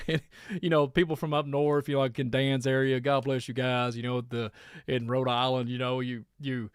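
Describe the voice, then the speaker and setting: A man's voice: mid-range voice, normal speed, dry recording, studio quality. A man from Kentucky with a country accent, hosting a casual monologue, rambling and laughing often. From Kentucky, USA. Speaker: host. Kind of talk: casual radio-style monologue.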